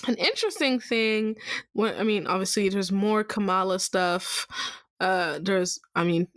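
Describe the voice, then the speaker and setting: A woman's voice: medium pitch, measured pace, fairly bright tone, dry recording, studio quality. Candid woman podcast co-host. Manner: candid, swears casually, many fillers. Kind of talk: casual chat.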